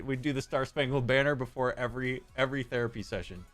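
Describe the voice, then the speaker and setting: A man's voice: mid-range voice, steady tone, quick pace, few pauses, a bit bright, faint music behind. A man, a therapist chatting casually on a live stream, reading out chat messages and joking with viewers. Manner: joking, reads chat messages aloud and replies.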